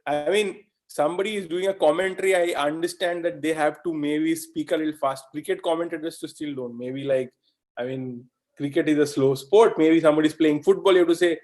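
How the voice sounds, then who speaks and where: A man from India gives a live online lesson with a slightly raised pitch. He keeps it conversational, peppering his points with "okay?" and direct questions to the audience, and now and then mimics fast talkers for effect. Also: darkish tone. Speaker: webinar instructor.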